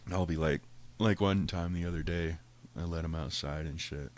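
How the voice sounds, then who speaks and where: A podcast host telling a casual, profane story, animated and laughing often. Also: male voice, deep voice, normal speed.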